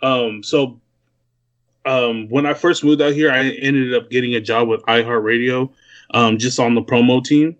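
A man's voice: medium pitch, fairly even intonation, moderate pace. A young man from Newark, California, guest DJ calling in, chatting casually in a laid-back, slangy way that repeats itself. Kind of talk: casual interview chat. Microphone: remote call from home. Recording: lo-fi remote call audio.

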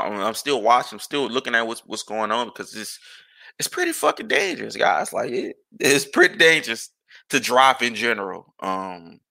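A man's voice: on the low side, gravelly, sharp tone. A man hosting a podcast, ranting casually and with exasperation, firing off rhetorical questions and curses. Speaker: podcast host.

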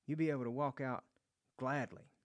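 With a mid-range voice, fairly even intonation, and normal speed, this Bible teacher works through scripture verse by verse. He reads each passage aloud and then explains it conversationally, acting out quotes and frequently repeating himself or starting phrases over.

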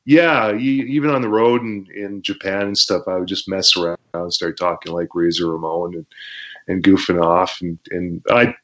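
A man's voice: low voice, fairly even intonation, moderate pace. A former pro wrestler talking as an interview guest, laid-back, laughing as he recalls stories, with many fillers. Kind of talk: casual interview storytelling. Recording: muffled lo-fi audio.

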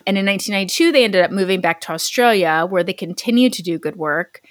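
A woman's voice: medium pitch, lively intonation, fast, no room sound, clean studio sound. A woman co-hosting a podcast, telling a true story in a chatty, casual way with lots of "like" fillers. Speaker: podcast co-host.

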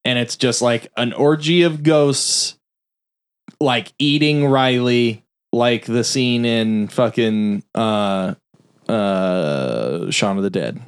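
A man's voice: mid-range voice, clean tone. A man casually recapping a film's plot on a podcast, swearing freely and acting out the characters' lines. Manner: loose, profane plot recap with quick voiced-out quotes. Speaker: podcast host recapping a film. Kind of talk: casual film review chat.

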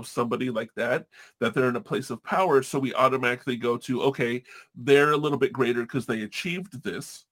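A man's voice: medium pitch, a bit bright. A man hosting a casual podcast chat, talking candidly and profanely, rambling through restarts.

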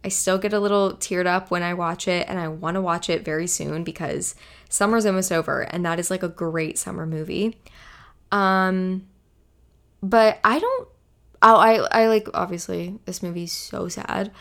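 A woman's voice: on the low side, fairly even intonation, moderate pace, vocal fry. A young woman in her twenties hosting a solo podcast, rambling casually with lots of filler words. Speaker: podcast host. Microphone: podcast microphone.

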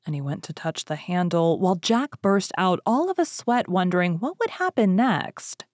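Give me a woman storyteller in a lower register, reading a fairy tale aloud with lively expression. The sound is dry, with no room echo. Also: moderate pace, hardly any pauses.

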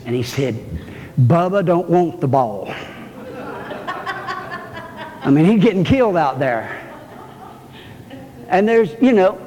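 Delivering a sermon in a church sanctuary, a male pastor jokes around in a folksy way and calls out to his congregation. His voice sits on the high side and is a little mellow. The audio is muffled and reverberant.

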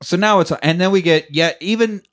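This man's high-pitched, fairly bright voice moves briskly as he co-hosts a podcast. Recapping a film casually, he swears freely, jokes, laughs frequently, and performs scenes.

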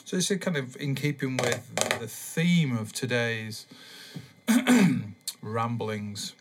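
A man hosting a podcast, rambling in a relaxed, meandering way with many pauses and ums. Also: medium pitch, noisy background. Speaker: podcast host. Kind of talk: casual rambling monologue.

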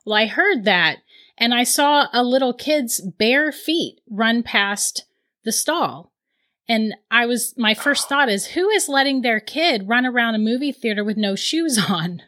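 A woman in her thirties telling a ghost story in casual chat, animated and laughing often. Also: a little high, unhurried.

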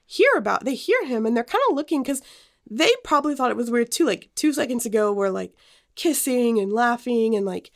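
A woman's voice: on the high side, fairly quick. A young woman co-hosting a podcast, telling a personal story in casual chat, full of fillers and restarts. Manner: animated storytelling with many fillers. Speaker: podcast co-host.

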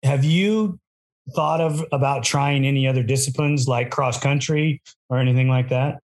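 A man's voice: mid-range voice, fairly even intonation, normal speed. A middle-aged man interviewing a young racer in an easygoing, encouraging manner. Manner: easygoing, encouraging, with small restarts. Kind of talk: interview questions.

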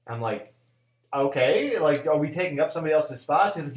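A man in his thirties, a cook, tells a story in loose, profane chat, acting out both sides of a quarrel. His voice sits a little high. The room around him rings with echo. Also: expressive, brisk. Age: 30s. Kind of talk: casual chat.

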